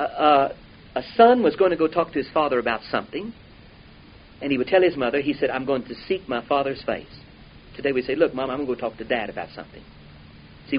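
A man preaches in a folksy, emphatic style, his voice swelling and then falling to a murmur. The recording sounds dull and lo-fi, with a faint hiss underneath. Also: mid-range voice. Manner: folksy, emphatic, rising and dropping volume. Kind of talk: sermon.

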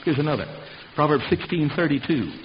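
A man's voice: fairly high pitch, animated, a little fast. Older male preacher, folksy fire-and-brimstone delivery, muffled hissing recording. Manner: folksy, fiery, preaching with sudden loud shouts. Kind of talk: sermon. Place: church service. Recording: dull lo-fi recording with hiss.

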